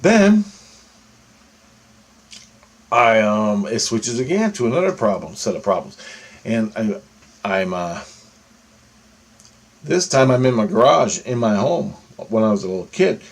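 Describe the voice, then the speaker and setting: A man's voice: on the low side, very animated, unhurried, pauses often. Rambling, foul-mouthed man telling a dream. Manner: heavy cursing, rambling, repeats "right?" and "okay?". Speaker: vlogger. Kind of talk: casual monologue recounting a dream.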